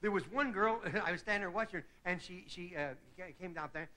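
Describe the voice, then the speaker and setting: A man's voice: sits high, fairly quick. A man hosting a comedy show with a stand-up monologue, chuckling at his own jokes, on a TV studio stage before a live audience. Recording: noisy 1960s TV broadcast audio. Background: loud audience laughter.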